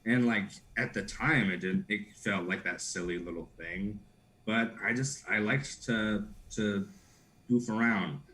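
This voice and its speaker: A man's voice: fairly low pitch, unhurried, fairly bright tone. A young man, a guest actor, chatting casually and playfully on a live stream, giggling and dropping into silly accents.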